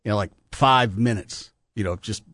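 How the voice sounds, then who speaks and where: A man's voice: lowish voice, normal speed, a bit bright, no echo. Opinionated man chatting on the radio. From Texas. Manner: offhand, opinionated, trailing off. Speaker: radio show host. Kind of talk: casual radio chat.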